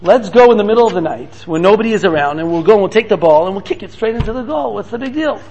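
A man retelling a gentle, persistent old rabbi. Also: sits high, lively intonation, fast, lo-fi sound. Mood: eager. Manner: earnest, coaxing questions. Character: gentle older male rabbi, curious and persistent.

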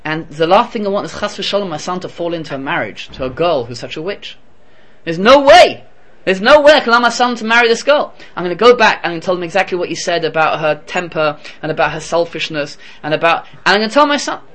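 A woman's voice: deep voice, animated, fast talker, hardly any pauses, fairly bright tone. A man voicing the stern, reproachful mother of a groom in a told story. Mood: indignant. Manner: firm, reproachful.

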